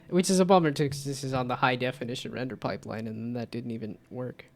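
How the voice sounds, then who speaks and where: A man's voice: medium pitch, steady tone, fast, few pauses, a little mellow. A man chatting casually on a live stream about his game development projects, rambling and self-deprecating.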